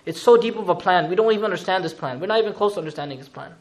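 Fast, high-voiced man preaching a sermon. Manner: conversational, mixes Arabic recitation with English explanation; animated, uses asides and slang. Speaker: Islamic preacher. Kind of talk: sermon on Quran verses.

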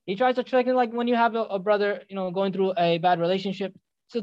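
A man preaching a sermon, animated and emphatic, telling a dramatic story. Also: sits high, quick pace, dry recording, lo-fi sound.

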